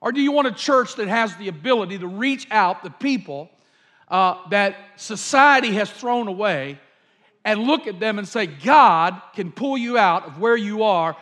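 A man's voice: sits high, expressive, moderate pace, bright, forceful tone. A male pastor, preaching a sermon, telling a story and building to repeated fervent appeals. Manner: fervent, repetitive preaching with fillers.

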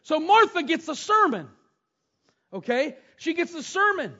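High-voiced man preaching a sermon. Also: very animated, a little slow, pushed and bright. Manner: storytelling, reads scripture aloud and retells it. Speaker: pastor. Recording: dull lo-fi sound.

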